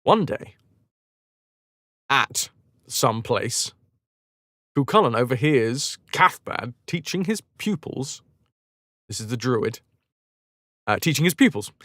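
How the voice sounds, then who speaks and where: A man's voice: mid-range voice, slow, pauses often, no room sound, studio quality. A man streaming who retells a legend casually, with profane jokes and asides. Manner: animated, profane, jokey asides.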